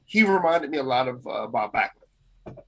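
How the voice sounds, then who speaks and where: A man's voice: mid-range voice, lively intonation, normal speed, creaky, low-quality recording. A man co-hosting a casual wrestling podcast, rambling and repeating himself as he gives his opinions. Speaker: podcast co-host.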